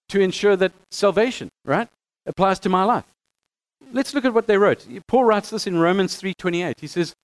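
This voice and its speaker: Male Bible teacher, higher-pitched voice, casual delivery with stammered restarts, punches up quoted verses. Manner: conversational, animated when reading quotes, some stammering restarts.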